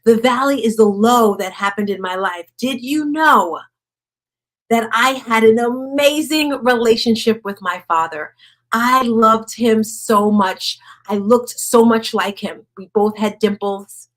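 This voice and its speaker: A woman giving a personal motivational talk, chatting with the audience, asking them questions and slowing right down on key lines. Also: fairly high pitch. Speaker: speaker at a women's event.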